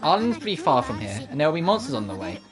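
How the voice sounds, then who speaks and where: A woman voicing a calm, composed female alchemy teacher in a game, speaking in a measured, lecturing way. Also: deep voice.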